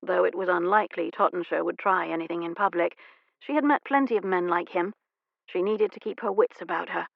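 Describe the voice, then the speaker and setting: A woman narrating a romance audiobook in a measured, even storytelling manner. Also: lowish voice, gravelly, dry recording, muffled recording. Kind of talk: scripted narration.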